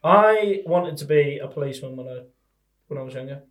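A man co-hosting a casual chat, giving quick comebacks and laughing easily. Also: medium pitch, lively intonation.

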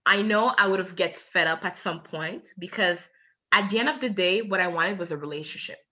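A woman in her twenties from Canada, a podcast guest telling personal stories in a lively, casual way and acting out both sides of conversations. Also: on the low side, brisk, dull audio. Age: 20s. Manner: lively, acts out both sides of conversations, laughs mid-story. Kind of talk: casual storytelling.

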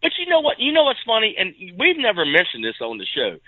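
A man co-hosting a casual podcast, chatty and quick to laugh. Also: sits high, dry recording. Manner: animated, laughs easily, chatty storyteller. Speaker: podcast co-host. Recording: dry, tinny phone-like line.

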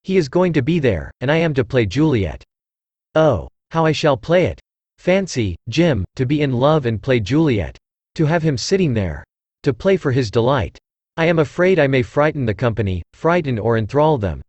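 A man's voice: mid-range voice, sing-song, normal speed, darkish tone, no room sound, muffled recording. Synthesized man reading a young actress in love. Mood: rapturous. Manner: rapturous, effusive. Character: young woman, a starry-eyed actress in love. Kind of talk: audiobook reading.

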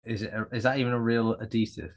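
A man's voice: medium pitch, steady tone, fast. A man co-hosting a podcast, trading casual banter and telling stories with dry, joking delivery. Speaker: podcast co-host.

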